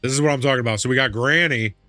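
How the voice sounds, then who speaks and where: A man's voice: medium pitch, rapid-fire, pushed and bright, no room sound, soft background music. A young adult man streaming a game, chatting casually and laughing, often repeating himself. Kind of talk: casual live-stream chat.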